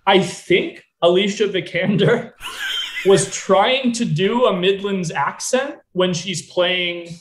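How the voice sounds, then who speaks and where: A man's voice: sits high, slow pace, slight background noise. Chatty American man, echoey room. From United States. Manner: chatty, loose, many fillers and asides. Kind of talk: casual film discussion.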